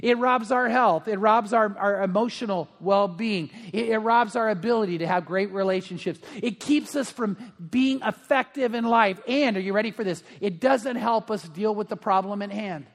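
A man's voice: high-pitched, normal speed, few pauses, long reverb tail. A middle-aged male pastor giving a sermon, telling stories in a chatty way with many fillers. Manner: anecdotal storytelling with frequent fillers.

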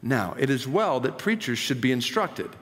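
A man's voice: medium pitch, sing-song, normal speed, a bit bright, long reverb tail. A man preaching a sermon, reading a quoted conversion story aloud with earnest, emphatic delivery.

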